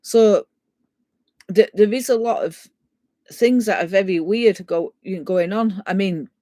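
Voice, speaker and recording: A woman telling a ghost story in a casual, animated way, often restarting her sentences. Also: medium pitch, a little slow, dry recording. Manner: animated, stumbling restarts, chatty. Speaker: guest sharing a ghost story.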